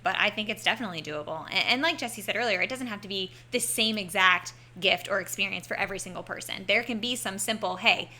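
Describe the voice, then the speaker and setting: A woman's voice: medium pitch, fast talker, few pauses, pushed and bright. A woman, a vacation rental host, explaining earnestly in a casual podcast chat.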